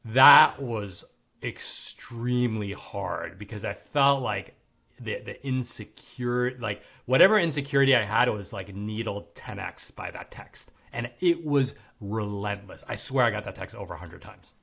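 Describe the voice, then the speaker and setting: A man's voice: fairly low pitch, unhurried, gravelly, fairly bright tone. A man in his forties, a podcast guest, telling a candid personal story in casual conversation, swearing now and then and acting out the people he quotes.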